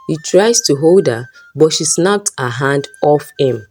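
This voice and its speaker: A woman's voice: sits low, expressive, moderate pace, few pauses. A woman narrating a folk story aloud in a plain read-aloud manner. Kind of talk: storybook narration with character voices. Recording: soft background music.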